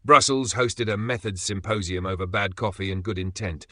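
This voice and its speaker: A man reading an audiobook in an even, measured narration. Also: on the low side, no room sound.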